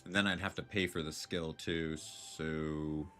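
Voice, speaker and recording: Low-voiced, laid-back game streamer man. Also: steady tone, measured pace, soft background music. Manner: laid-back, thinks out loud, jokey. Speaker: streamer playing a video game. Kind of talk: casual live gameplay commentary.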